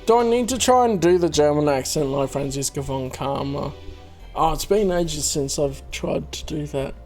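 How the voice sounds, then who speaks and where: A man's voice: a little high, normal speed, darkish tone, faint music behind. A man hosting a let's play, giving playful casual commentary and reading the game's lines aloud.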